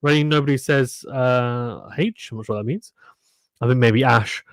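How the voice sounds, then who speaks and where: A man doing casual play-by-play of a tennis match on a live stream, chatting between points and reading viewer comments aloud. His voice sits at an ordinary middle pitch and is recorded close and dry, with no room sound. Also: moderate pace, dry recording.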